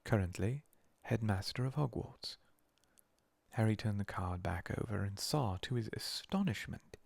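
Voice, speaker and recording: Man reading a storybook, whispered role-play, low pitch, gravelly, slow soothing delivery. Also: animated, darkish tone, no echo. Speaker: narrator.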